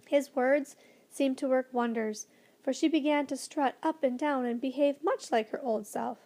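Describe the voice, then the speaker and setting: Lady narrating a kids' storybook, somewhat high voice, gentle and expressive. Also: normal speed. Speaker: audiobook narrator.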